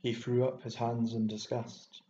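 A man with an Irish accent reading a literary short story in a measured, even storytelling manner, on a dull recording with faint hiss. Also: mid-range voice. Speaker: audiobook narrator.

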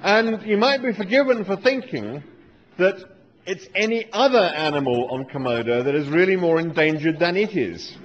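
A man in his forties tells a story on stage with dry, deadpan wit. His voice sits high, and a stage mic catches it in a dull lo-fi recording with a faint hiss behind it. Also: moderate pace. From England. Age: 40s. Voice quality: dry, wry, deadpan asides. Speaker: author giving a live reading. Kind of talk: humorous live talk. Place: lecture hall with an audience.

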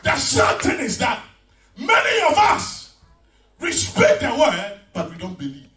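A man's voice: high voice, sing-song, moderate pace, a bit bright, slight background noise. A man preaching a sermon in a church, emphatic and leading his congregation in call and response. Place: large church hall. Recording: echoey church hall from a distance.

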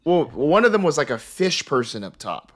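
A man with a slightly high voice narrates a tabletop horror game as its game master. He talks in a loose, conversational way, full of fillers. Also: very animated, normal speed, a bit bright.

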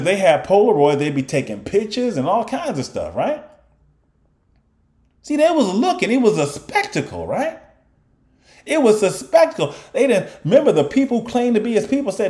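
A man preaching a sermon in an animated way, often mocking his opponents in put-on voices. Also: sits high.

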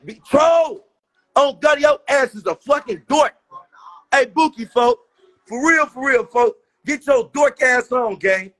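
A man with a Chicago accent in rowdy livestream banter, loud and often shouting in profane street slang. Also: very high-pitched, expressive, measured pace, poor audio.

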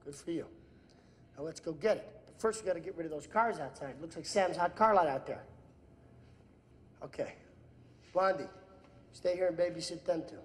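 An actor playing a brash, hot-tempered gangster who swears, blusters and mocks in film dialogue. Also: male voice, a little high, normal speed, long pauses, close to an everyday voice. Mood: commanding. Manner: profane, blustering, sarcastic. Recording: echoey film soundtrack with long reverb.

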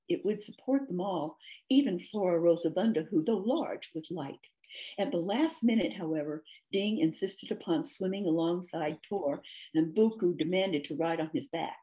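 A woman narrating a children's fantasy story in a measured, gentle read-aloud manner. Her voice sits on the lower side and sounds mellow and soft. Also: low-quality recording. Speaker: author reading her story.

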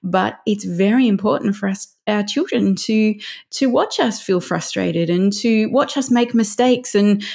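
Earnest woman, animated storyteller. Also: mid-range voice, a little slow, gravelly. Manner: earnest, animated, acts out parent and child voices. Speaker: parenting counsellor guest. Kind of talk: casual interview chat.

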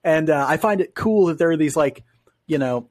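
A man's voice: a little high, normal speed, darkish tone. A man co-hosting a sports podcast, chatting in a friendly, self-deprecating way. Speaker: podcast co-host. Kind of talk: casual sports chat.

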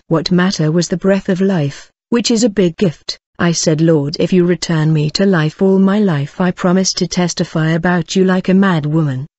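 A woman recounting a religious testimony in an earnest, steady storytelling manner. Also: lowish voice, dry recording. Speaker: testimony narrator. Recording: dull lo-fi dry recording.

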